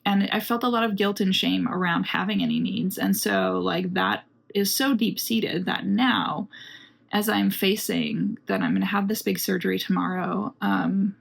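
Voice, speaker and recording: A woman talking earnestly in a casual reflective vlog at home, unhurried and searching for her words. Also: medium pitch, big pitch swings, vocal fry, breathy edge. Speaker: vlogger. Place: home apartment.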